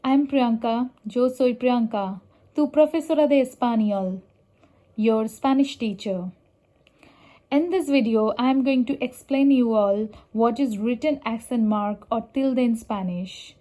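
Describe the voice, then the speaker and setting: A woman Spanish teacher giving a slow, measured lesson, pronouncing example words carefully and clearly. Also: on the high side, dark tone. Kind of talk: slow explanatory language lesson.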